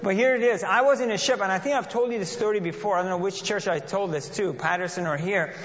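A man's voice: high voice, quick pace, fairly bright tone. A man preaching a sermon and reading scripture aloud, earnest, often repeating and restarting phrases. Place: church. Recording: dull lo-fi audio in a reverberant hall.

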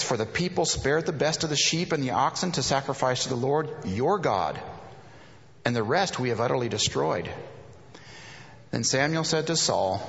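A man's voice: mid-range voice, gravelly, fairly bright tone. A man preaching a sermon, reading scripture aloud and breaking off to explain and paraphrase it. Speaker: pastor. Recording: reverberant hall, dull lo-fi sound.

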